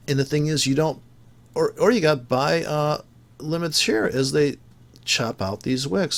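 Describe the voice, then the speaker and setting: Angry swearing trading ranter, lively pitch. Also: male voice, gravelly. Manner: angry, sarcastic, swearing, jumps between shouts and mutters. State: just woke up irritated. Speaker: forex trading vlogger. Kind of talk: profane ranting commentary over charts.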